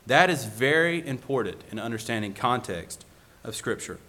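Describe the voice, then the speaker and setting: A man's voice: medium pitch, animated, normal speed, bright, forceful tone. A male preacher giving a sermon, asking the congregation one rhetorical question after another.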